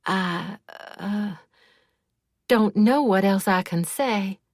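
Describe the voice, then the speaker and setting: Woman reading as a frantic, stammering woman, high and loud, dry close sound. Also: a little slow, dry recording. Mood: distraught. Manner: stammering, rising to a scream. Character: distraught middle-aged woman, shaken and defensive.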